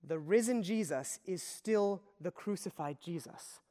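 High-voiced preacher in an echoing hall. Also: male voice, a little slow, few pauses, a little mellow. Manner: earnest, storytelling preacher with dramatic swings in volume. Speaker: pastor. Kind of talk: sermon. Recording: long reverb of a large hall.

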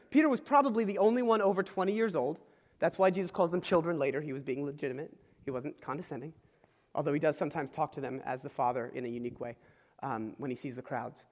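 A man's voice: on the high side, quick pace, a little mellow. A man preaching a conversational sermon, informal and explanatory, checking in with his listeners and chuckling as he explains. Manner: informal, checks in with "okay?" asides. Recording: long hall reverb.

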